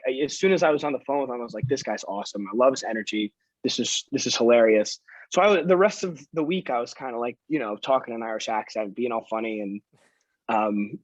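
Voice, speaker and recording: A man's voice: mid-range voice, dry recording. Young man telling a story, lo-fi. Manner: animated, laughing storyteller. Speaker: band member. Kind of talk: casual storytelling in interview. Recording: dry, dull lo-fi.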